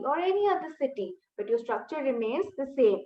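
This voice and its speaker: Woman language teacher on a video call, high animated voice, slow patient delivery, echoey dull stream audio. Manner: slow, drawn-out modelling of tones for repetition. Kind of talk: live online language lesson.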